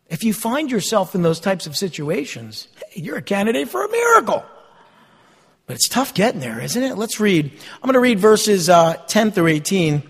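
A man preaching a sermon to his congregation, animated, swinging from loud outbursts to hushed asides. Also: sits high, vocal fry. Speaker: pastor. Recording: reverberant hall.

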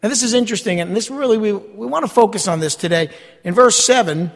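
A man with a high voice delivers a sermon as a pastor. He keeps it conversational and often turns rhetorical questions on his listeners. His voice rings out with a long reverb, as in a large hall. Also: fast, vocal fry.

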